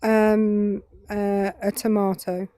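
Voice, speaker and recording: A British woman co-hosting a call-in show, deadpan and jokey, cutting in with wry asides. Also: mid-range voice, slow pace. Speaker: show co-host. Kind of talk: playful banter.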